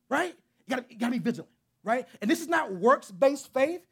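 With a very high, sing-song voice that is a bit bright, breathy-edged, and touched by vocal fry, a man preaches briskly. His sermon is earnest and conversational, with repetitions rising to emphatic peaks.

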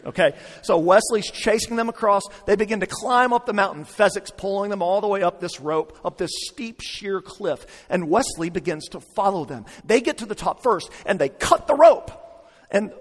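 Middle-aged pastor preaching, chatty and jokey, kinda high voice, long church echo. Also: male voice, expressive, normal speed. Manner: conversational, joking asides to the congregation. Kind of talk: sermon. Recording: long reverb.

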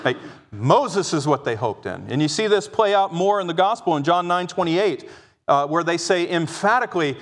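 A man's voice: on the high side, lively intonation, moderate pace. A man preaching an expository sermon, emphatic, acting out quoted speech and often checking in with "right?". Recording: long hall reverb.

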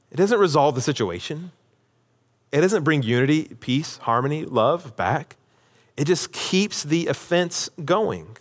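A pastor with a voice on the high side and a bit bright preaches a sermon to a congregation. He is emphatic and acts out quoted lines, and the recording carries a long hall reverb.

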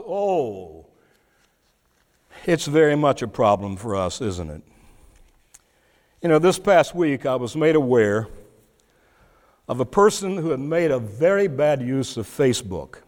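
Slow, lively-voiced preacher in a hall. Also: male voice, medium pitch. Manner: deliberate teaching with restarts and fillers. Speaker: pastor. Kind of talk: expository sermon. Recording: long hall reverb.

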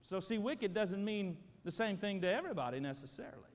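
A man's voice: sits high, very animated, quick pace. A man preaching as a pastor, praying emphatically and calling on his congregation to answer. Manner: emphatic, prayerful, calls for congregation responses. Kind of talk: sermon. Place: church sanctuary. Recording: reverberant church hall.

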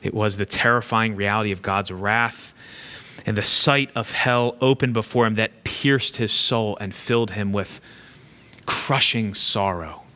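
Fervent preacher man with a bright voice. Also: lowish voice, steady tone, a little slow. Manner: earnest, repeats key phrases for emphasis; swings between hushed and fervent delivery. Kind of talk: sermon.

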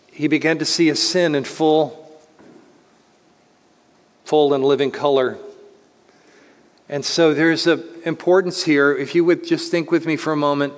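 Preaching man in a reverberant hall. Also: a little high. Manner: earnest preaching, slows to stress words, speeds up voicing others. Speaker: pastor. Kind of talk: sermon.

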